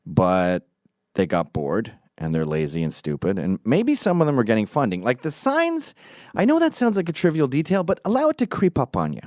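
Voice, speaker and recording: Lively low-voiced man telling a story. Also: dry recording, studio quality. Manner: animated, mocking, profane, acts out quotes. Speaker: podcast host. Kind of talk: casual storytelling monologue.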